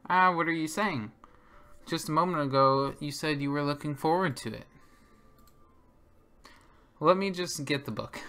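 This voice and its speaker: A man's voice: on the high side, moderate pace, pauses often, sharp tone. A man streaming a game, reading its narration and dialogue aloud in a casual, easygoing way.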